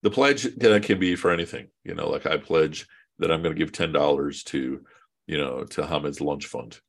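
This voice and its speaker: A man's voice: rumbling low, normal speed, creaky. A man teaching an online Quran class in a casual, conversational way, quizzing students and using fillers. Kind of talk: casual online religious lesson.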